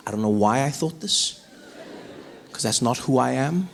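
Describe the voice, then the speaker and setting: A South African man doing stand-up comedy on stage, animated and acting out voices, swinging from loud to low. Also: brisk, creaky, long pauses, slight background noise. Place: large arena on stage.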